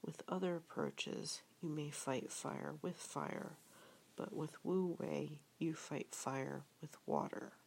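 A woman reading an audiobook in calm, measured scripted narration. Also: sits low, vocal fry, breathy edge. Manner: calm, measured, even storytelling.

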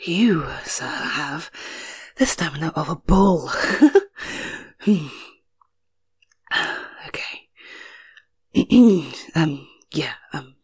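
Young woman, whispered role-play; breathy, unhurried, lively rise and fall. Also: low voice. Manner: intimate, sighing and giggling.

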